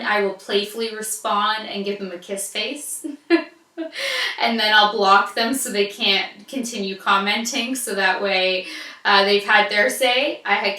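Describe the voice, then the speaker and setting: A woman's voice: fairly high pitch, pushed and bright, distant mic. An American woman in her thirties, a beauty vlogger chatting casually and gushing as she answers viewer questions. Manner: chatty and gushing, with playful asides. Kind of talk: casual chat. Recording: echoey room, a little off-mic.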